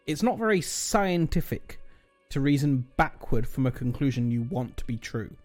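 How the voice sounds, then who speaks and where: A man's voice: mid-range voice, expressive, moderate pace, a little mellow, soft background music. A man streaming a game, chatting casually with joking, rambling asides. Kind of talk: casual gaming commentary.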